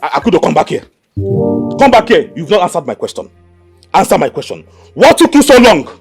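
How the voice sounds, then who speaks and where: An actor with a Nigerian accent playing a suspicious husband who loudly questions his wife. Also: mid-range voice, sing-song, unhurried, slightly rough, soft background music, heavily acted. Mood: accusing. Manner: loud, accusing.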